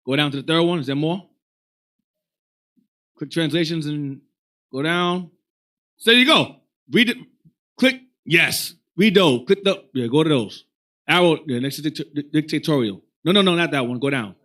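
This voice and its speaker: High, bright-voiced man directing a reading. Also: moderate pace, long pauses. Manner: animated, rambling, directs the reader. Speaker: religious class teacher. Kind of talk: casual teaching talk.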